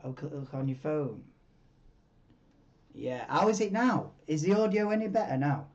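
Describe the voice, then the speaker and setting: Excitable man on a dull tinny mic. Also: a little high, normal speed. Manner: excitable, rambling, swears freely. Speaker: live-stream host. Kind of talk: casual live watchalong chat.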